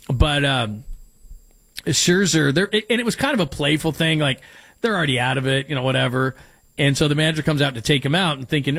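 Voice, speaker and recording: A man's voice: a little fast, fairly bright tone, no room sound. Chatty male sports radio host, dry sound. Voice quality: light, higher voice. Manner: rambling, jokey, reads listener texts. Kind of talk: casual sports talk.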